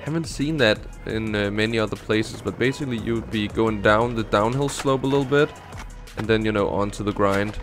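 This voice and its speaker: Guy casually talking over his gameplay, easygoing, figuring it out as he goes, soft music behind. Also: on the low side, normal speed. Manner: relaxed, thinking aloud while playing. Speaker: gaming channel host.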